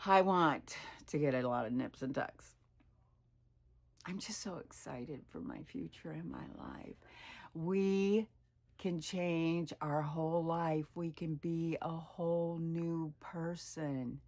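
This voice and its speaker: Sixties lady vlogging, low voice, takes her time, kinda rambly, goes whispery sometimes. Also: takes it slowly, a little mellow. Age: 60s. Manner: reflective, rambling, drops to whispers at times. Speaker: weight loss vlogger. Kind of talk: candid personal vlog.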